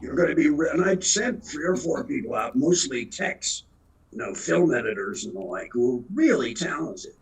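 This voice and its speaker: A man's voice: medium pitch, big pitch swings, normal speed, gravelly, slightly rough, low-quality recording. A man in his seventies, an actor telling rambling, self-deprecating anecdotes in an interview. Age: 70s. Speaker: actor and guest. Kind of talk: storytelling interview.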